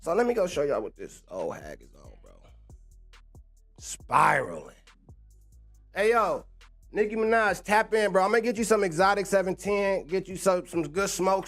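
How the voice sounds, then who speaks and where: Animated young man ranting on a livestream. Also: high voice. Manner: slangy, animated, laughs often. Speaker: livestream host. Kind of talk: casual livestream rant.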